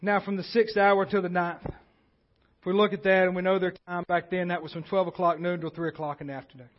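A high-pitched male pastor delivers an earnest sermon. His voice climbs in force when he drives a point home. The sound is dull and lo-fi, like a church livestream. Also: level tone, fairly quick. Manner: earnest preaching, rising intensity on key points.

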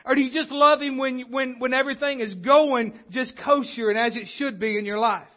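A man with a high-pitched voice delivers a sermon from the pulpit, speaking conversationally and often stumbling into restarts. The sound is dull and lo-fi, as if captured on modest equipment. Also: brisk. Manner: conversational preaching with frequent restarts. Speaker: pastor. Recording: dull lo-fi recording.

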